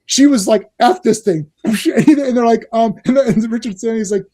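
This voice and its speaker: High-voiced, mellow, rambling podcast host. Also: male voice, normal speed. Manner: rambling, enthusiastic, laughs often. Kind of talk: casual chat.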